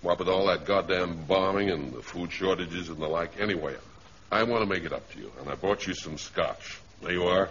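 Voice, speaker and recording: Blunt American colonel, low voice, radio comedy, muffled old tape. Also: male voice, brisk, a bit bright, a little hiss or hum. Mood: friendly apologetic. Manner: breezy, blunt. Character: brash, friendly American army colonel. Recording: dull archive radio recording.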